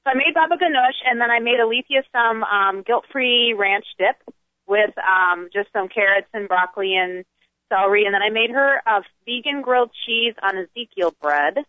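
Woman chef guest, relaxed and talkative, tinny phone-line call-in sound. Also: on the high side, moderate pace, no echo. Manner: chatty, easygoing. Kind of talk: phone-in interview.

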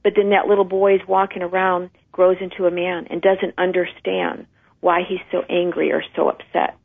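Over a thin, tinny phone connection, a woman guest with a fairly low, level voice and some vocal fry speaks at a moderate pace. She earnestly and emphatically explains how trauma passes from one generation to the next, voicing the inner thoughts she describes in a conversational way.

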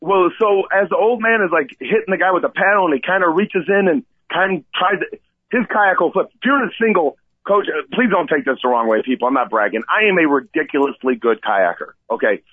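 A man co-hosting a talk radio show, telling a rescue story in an animated way and often asking "okay?". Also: on the high side, a little fast, no room sound. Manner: excitable, repeats "okay?" and addresses Coach. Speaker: radio co-host and kayak tour operator. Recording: tinny phone-line sound, dry.

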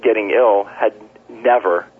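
Husky-voiced man telling stories over a phone line. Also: on the low side, a little slow. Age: middle-aged. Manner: relaxed storyteller, many fillers and restarts. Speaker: nurse, author. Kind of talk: casual interview talk.

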